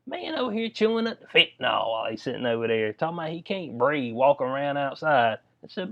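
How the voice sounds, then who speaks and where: A man's voice: mid-range voice, big pitch swings, quick pace, gravelly, few pauses, highs cut off. A man giving casual, rambling commentary on news stories, full of slang and frequent laughter. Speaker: political commentary vlogger.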